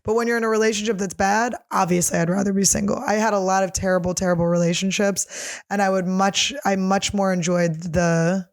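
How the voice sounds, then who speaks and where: A woman in her thirties hosts her own comedy show alone, reading out fan questions and answering them off the cuff. She is blunt and profane, jokes all the way through and laughs easily. Her voice sits at an ordinary middle pitch for a woman. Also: fairly even intonation, brisk. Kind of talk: casual solo chat, reading questions aloud.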